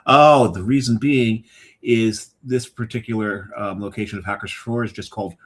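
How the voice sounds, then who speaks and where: A man's voice: on the low side, steady tone, moderate pace. A man co-hosting a podcast in casual chat, telling chatty anecdotes and laughing often. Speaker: podcast co-host.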